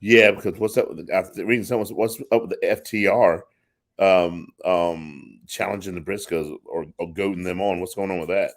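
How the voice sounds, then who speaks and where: A man with a very low, deep voice co-hosts a casual wrestling chat. He hesitates and repeats words as he puts his thoughts together. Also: fairly even intonation, moderate pace. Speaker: co-host.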